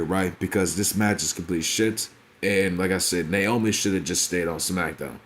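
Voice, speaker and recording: A man's voice: low-pitched, moderate pace. Blunt, profane man ranting. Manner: blunt, profane, slangy, with frequent "you feel me" asides. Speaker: wrestling reviewer. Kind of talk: casual ranting review.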